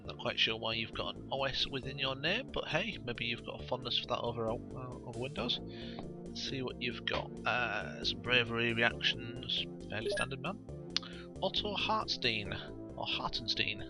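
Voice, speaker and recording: Chatty man with a gravelly voice. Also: medium pitch, moderate pace, over music. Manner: chatty, rambling, full of ums and uhs. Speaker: let's play gamer. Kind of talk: casual gameplay commentary.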